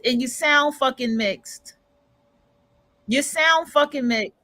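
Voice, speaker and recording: A woman hosts a casual livestream and rants bluntly, swearing freely and hammering each point home. Her voice sits high. The sound is close and dry. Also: takes it slowly, long pauses, pushed and bright, no echo, low-quality recording. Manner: blunt, profane, emphatic ranting. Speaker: livestream radio host.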